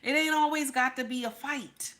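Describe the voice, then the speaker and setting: Blunt woman going off on her live chat, bright edgy voice, says everything twice. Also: high-pitched, normal speed. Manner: bold, preachy, repeats herself for emphasis; talks to her chat and reads names. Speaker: livestream host advising women.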